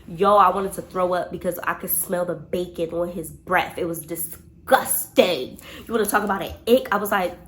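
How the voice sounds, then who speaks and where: A young woman vlogger telling a storytime, chatty and animated, talking straight to her viewers. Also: fairly low pitch, brisk, few pauses. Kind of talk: storytime vlog.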